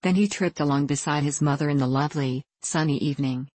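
A woman narrating a story in a calm, measured audiobook reading. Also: low-pitched, no echo.

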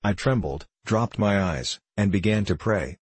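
A man reads a classic novel as an audiobook narrator in a measured, even storytelling manner. His voice is fairly low and husky, recorded with no echo.

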